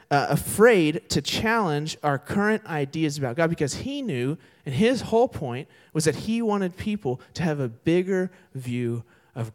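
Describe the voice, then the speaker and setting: Young guy preaching, talks like he's chatting w the crowd, voice goes up n down a lot, kinda high. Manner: casual, chatty, addresses crowd directly. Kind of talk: sermon with storytelling. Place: church service before an audience.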